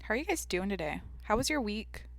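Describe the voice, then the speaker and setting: Rambling and profane, this podcast host jokes at her own expense in a casual solo show, her nasal, slightly congested voice at medium pitch yet creaky, swinging widely in pitch and moving fairly quickly. The recording is dry.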